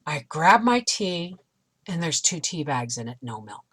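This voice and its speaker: A woman's voice: low-pitched, sing-song, measured pace, fairly bright tone, breathy edge. A middle-aged woman vlogger animatedly retelling a frustrating experience in a casual storytelling way. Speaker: homestead vlogger.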